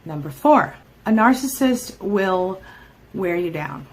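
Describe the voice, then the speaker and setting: A woman's voice: lively intonation, takes it slowly. Emphatic woman coaching on toxic relationships. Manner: emphatic, acts out quoted voices with sudden pitch jumps. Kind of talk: direct-to-camera coaching talk.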